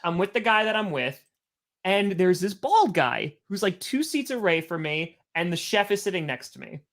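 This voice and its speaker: A man with a high voice speaking at normal speed calls plays on his live stream while telling a loose, rambling tale. The commentary is casual and chatty, and he's an animated storyteller who leans heavily on "like."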